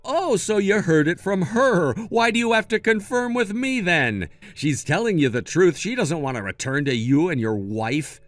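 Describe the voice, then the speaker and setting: A man's voice: high-pitched, very animated, moderate pace, hardly any pauses, no echo. A man narrating a scripted first-person story, speaking firmly and sarcastically, in a dry recording with faint music behind. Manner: firm, scolding and sarcastic.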